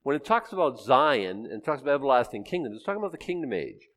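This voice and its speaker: A man's voice: mid-range voice, big pitch swings, quick pace, a bit bright. A man in his sixties giving a conversational sermon as pastor, chatting with the congregation and poking fun at himself. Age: 60s. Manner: chatty, asks the congregation questions, self-teasing.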